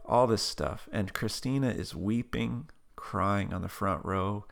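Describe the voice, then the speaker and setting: A man with a low-pitched voice speaks as an interview guest. There is a gravelly fry in his voice, and he talks in an earnest, loose way, full of casual fillers as he tells a faith story and prays. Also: measured pace. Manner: earnest, conversational, with frequent "like" fillers. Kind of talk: personal faith story and spoken prayer.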